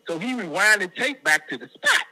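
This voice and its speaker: A middle-aged man from the Washington DC area tells a story in an interview, his voice very bright and forceful. His pitch swings widely as he acts out what other people said. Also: very animated, a little fast, breathy edge, poor audio. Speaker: guest singer.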